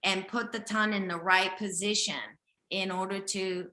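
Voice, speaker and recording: A woman's voice: medium pitch, little pitch movement, moderate pace, sharp tone, reverberant. A woman from Japan with a slight Japanese accent and Japanese as her first language, hosting a live health reading and talking directly and insistently, often checking in with "okay?". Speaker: intuitive health reader hosting a live session. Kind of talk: live one-on-one reading with a participant.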